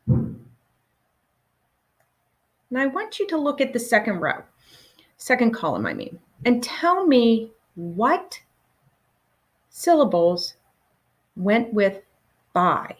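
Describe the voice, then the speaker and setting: A woman teacher talks young pupils through a phonics lesson with patient, encouraging prompts. Her fairly high voice swoops up and down as she speaks, and she takes her time, leaving pauses for the children to answer. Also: huge pitch swings.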